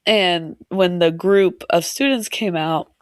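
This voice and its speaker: A woman in her thirties chats on a podcast with a hoarse, raspy voice, her throat worn down by laryngitis. She tells her stories in an animated way and laughs often. The sound is dry and close, with no room around it. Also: lowish voice, slow, dry recording. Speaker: podcast co-host. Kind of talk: casual chat.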